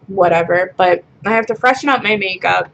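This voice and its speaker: A woman's voice: mid-range voice, gravelly, a bit bright, muffled recording, a little hiss or hum. A tired woman vlogging, talking bluntly and frankly with lots of swearing and filler words in a rambling confessional monologue.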